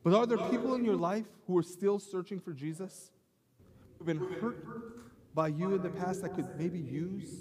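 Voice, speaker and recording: A male pastor preaching a sermon in a casual, storytelling way with self-deprecating asides and halting restarts. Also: sits high, a crowd in the background. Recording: long hall reverb.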